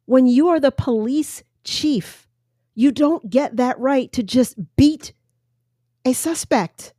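A woman's voice: a little high, mellow, dry recording, studio quality. A woman hosting a solo podcast, telling a news story and giving her opinions in a rambling, self-correcting way. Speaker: podcast host. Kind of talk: casual solo podcast commentary.

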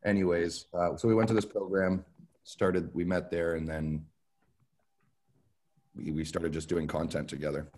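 A man, a comedian guest, chatting casually on a podcast and explaining things in a relaxed, rambling way. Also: low voice, normal speed, long pauses, slight background noise. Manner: relaxed, filler-heavy storytelling.

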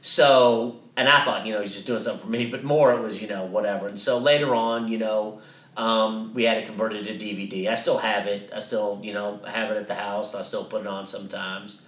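A man's voice: fairly low pitch, steady tone, fairly quick, a bit bright, echoey room, recorded from a distance. A man co-hosting a podcast, telling a story in a casual, rambling way with many restarts and some swearing. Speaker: podcast co-host.

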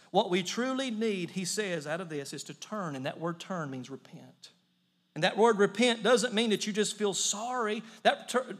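A middle-aged male pastor with a high voice delivers a sermon. He tells stories with lively energy, jumping from loud exclamations to quiet, hushed lines. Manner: animated storytelling, swings between loud and hushed.

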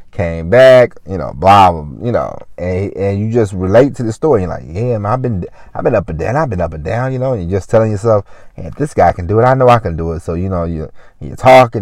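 A man's voice: deep voice, a little mellow, dry recording, studio quality. A man hosting a podcast, rambling in a casual motivational monologue and saying "you know" again and again. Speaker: podcast host.

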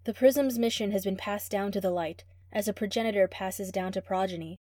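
An ancient rainbow phoenix god pronounces its words slowly, with a solemn and cryptic grandeur, voiced by a woman narrating a storybook. The voice stays near a mid-range pitch and sounds dry and close. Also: mellow, no echo, lightly acted.

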